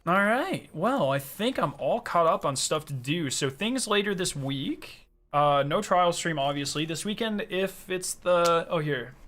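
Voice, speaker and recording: A man chatting casually on a gaming stream, excitable and ranting with plenty of swearing. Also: a little high, a little slow.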